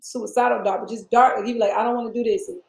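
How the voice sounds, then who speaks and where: A fairly high-voiced woman hosts a casual motivational interview. She talks in an animated way, leaping into high, playful voices whenever she quotes someone. The room around her is roomy and echoey. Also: rapid-fire, vocal fry. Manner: animated, jumps into high playful voices when quoting others. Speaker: interview host.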